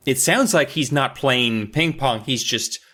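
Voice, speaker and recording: A man's voice: medium pitch, a little slow, bright, forceful tone. A man co-hosting a podcast, recapping a book in casual, rambling, jokey chat with some swearing. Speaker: podcast co-host.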